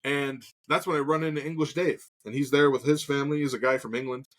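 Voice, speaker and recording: A man's voice: medium pitch, fairly even intonation, quick pace, fairly bright tone. A man in his thirties co-hosting a casual talk show, telling a story with lots of swearing and acted-out quotes. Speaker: podcast co-host.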